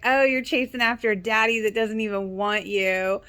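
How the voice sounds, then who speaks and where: A woman's voice: a little high, fairly even intonation, normal speed, pushed and bright, clean tone. A young woman casually recapping a TV episode, sarcastic and chatty, acting out the characters' lines as she goes. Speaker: TV show reaction vlogger.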